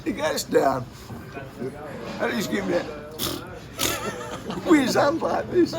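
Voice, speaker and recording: Man spinning a rambling yarn, high voice, unhurried, swearing nonstop, crowd murmur behind. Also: wildly swooping pitch. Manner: swears constantly, rambling and repetitive. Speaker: storyteller. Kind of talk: casual anecdote telling.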